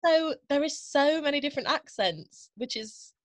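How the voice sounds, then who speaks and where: A woman's voice: sits high, expressive, normal speed. A young woman from the English Midlands with a Midlands accent, chatting casually as a podcast co-host and laughing often. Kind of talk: casual chat.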